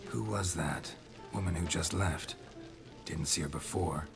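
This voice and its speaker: An actor playing a gruff, grizzled male monster hunter who talks in clipped, terse phrases. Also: sits low, unhurried. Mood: curt. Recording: game audio with loud music behind.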